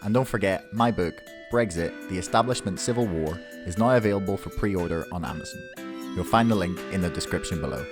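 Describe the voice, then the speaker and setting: A man's voice: low-pitched, brisk. A man hosting a podcast, reading a friendly scripted sign-off. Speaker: podcast host. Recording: music bed behind the voice. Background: music.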